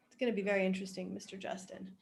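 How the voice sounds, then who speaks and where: A woman's voice: medium pitch, flat delivery, racing, vocal fry. A woman in casual podcast chat, talking animatedly, laughing often and acting out quoted voices. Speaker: co-host.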